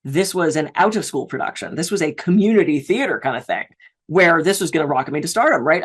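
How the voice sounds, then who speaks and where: A woman from the Pittsburgh area giving a keynote on stress, telling personal anecdotes with playful, self-mocking humor. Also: sits low. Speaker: keynote speaker on stress management.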